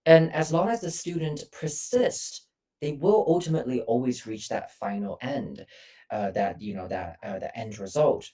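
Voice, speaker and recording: Low-voiced woman coaching on a distant call mic. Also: lively intonation, normal speed, dark tone. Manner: explains with many hesitations and fillers. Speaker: voice coach, guest. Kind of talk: instructive interview answers.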